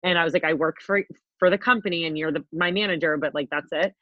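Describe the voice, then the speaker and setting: A young woman co-hosting a podcast, telling a story in a brash, profane, animated way. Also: deep voice, quick pace, no echo, dull audio. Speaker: podcast co-host. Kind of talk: casual storytelling chat.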